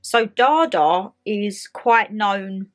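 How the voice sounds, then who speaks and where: A young woman with an Essex accent chatting to camera as a vlogger, telling a story in a lively way and acting out the people in it. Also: medium pitch, very slow. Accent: Essex English. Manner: chatty, animated storytelling with acted quotes. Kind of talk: casual chat to camera. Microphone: handheld phone camera.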